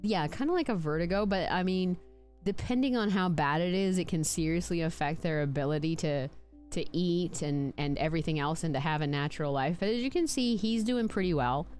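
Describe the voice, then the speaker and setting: A chatty woman talking casually on a live stream, her voice sitting on the low side. She rambles with playful restarts. Soft music plays faintly in the background. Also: a little fast. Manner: chatty, playful, talks with lots of likes and restarts; puts on silly voices for her snake. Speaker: streamer showing her pet snakes.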